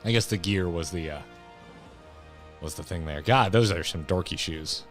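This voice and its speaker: A man's voice: sits low, moderate pace. A man streaming a video game, joking and muttering casual commentary. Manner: joking, mumbling asides, laughs often. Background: faint game music.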